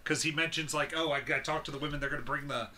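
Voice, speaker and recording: A man's voice: on the high side, steady tone, fast, pushed and bright, a little hiss or hum. A man co-hosting a casual movie podcast, laughing often as he goes through his notes. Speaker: podcast co-host.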